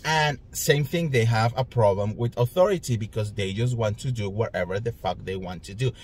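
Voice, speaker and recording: A man's voice: lowish voice, normal speed. Sassy man ranting about reality TV. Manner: sassy, animated, talks straight to viewers. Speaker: reality TV commentary vlogger. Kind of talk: casual ranting commentary.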